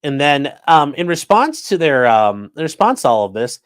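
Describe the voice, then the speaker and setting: A man's voice: a little high, big pitch swings, moderate pace, dry recording. Sarcastic profane male streamer, dry sound. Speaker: streamer host. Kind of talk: casual live commentary.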